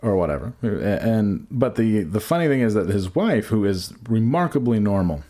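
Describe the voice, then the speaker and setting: A man's voice: fairly low pitch, big pitch swings, moderate pace, dark tone. A man co-hosting a podcast in casual banter, rambling and profane, often trailing off and restarting sentences. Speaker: podcast co-host.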